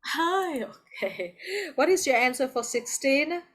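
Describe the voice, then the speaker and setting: A woman's voice: high-pitched, unhurried, over a noisy crowd. A woman with a Vietnamese accent teaching an English class over a video call, patient and encouraging, calling on students by name.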